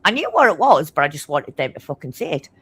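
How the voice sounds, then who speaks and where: A woman with a broad Geordie accent, blunt and swearing constantly as she tells animated stories in casual chat. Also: low voice, husky. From Newcastle, England. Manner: talks fast.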